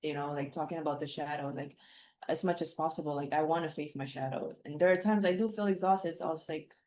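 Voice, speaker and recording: A woman's voice: low-pitched, fairly even intonation, quick pace, darkish tone, slight background noise. A middle-aged woman, a guest speaking reflectively and rambling, with many fillers and restarts. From Philippines. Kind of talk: reflective casual conversation.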